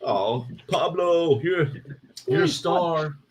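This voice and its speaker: A man's voice: a little high, slow. A man hosting a casual livestream, chatting and reading out viewer messages with frequent laughs. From United Kingdom. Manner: laughs often, lively banter. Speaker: livestream host.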